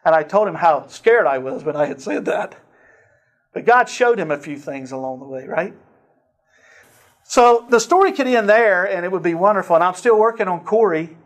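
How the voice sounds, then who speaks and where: A man's voice: high-pitched, moderate pace. Male preacher telling a story. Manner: animated storyteller, acts out dialogue, chuckles often. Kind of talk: storytelling sermon.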